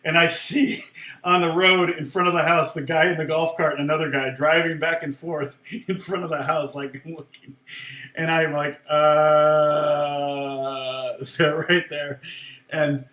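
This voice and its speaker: A man's voice: on the high side, level tone, moderate pace, bright, forceful tone. A middle-aged man, a guitar teacher on a live stream, telling a story in a rambling way, with frequent chuckles and restarts. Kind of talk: casual storytelling chat. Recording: echoey room.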